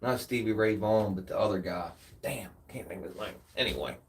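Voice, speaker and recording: Man, Southern US accent, low voice, tired, laid-back slangy live chat, distant mic. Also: brisk, slight background noise. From United States. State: tired after a workout. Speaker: streamer. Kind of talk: casual chat with viewers.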